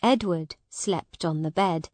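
Very slow woman storybook narrator. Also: on the low side, a little mellow, no room sound. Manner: slow, clear and deliberate.

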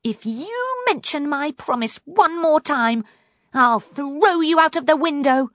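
Storybook princess, young and spoiled, put on by a woman; shrill, sing-song, music bed. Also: lively intonation, slow, fairly bright tone, dry recording, full character voice. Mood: angry. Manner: shrill and snappish when angry. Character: spoiled, hot-tempered young princess girl. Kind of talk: storybook reading. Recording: music playing behind.

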